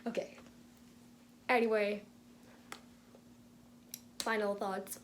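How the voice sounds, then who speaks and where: A young woman reacting to an episode on her home vlog, gushing and excitable with frequent laughter and sudden whispers. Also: medium pitch, extremely slow, slight background noise. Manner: gushing, breathless, laughing often, drops into whispers. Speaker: reaction video host. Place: home room with tripod camera. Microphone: camera on tripod.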